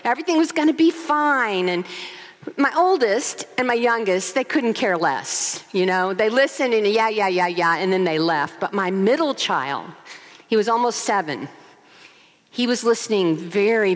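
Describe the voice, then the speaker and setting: A woman co-pastor in her forties preaches a sermon in a large church sanctuary, her medium-pitched voice moving at normal speed. She tells stories expressively and poses rhetorical questions, with long hall reverb on the recording.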